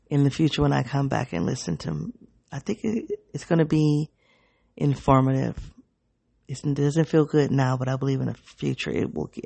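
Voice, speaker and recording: A woman hosting her own podcast, speaking in an introspective, halting, emotionally raw personal reflection. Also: low-pitched, vocal fry, a little mellow, husky, no room sound. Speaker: podcast host.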